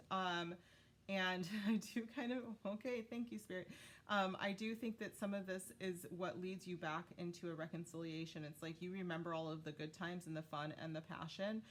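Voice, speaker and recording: A woman giving a casual tarot reading to her viewers, chatty with lots of fillers, pausing to thank her spirit guides. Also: medium pitch, a little hiss or hum. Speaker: tarot reader.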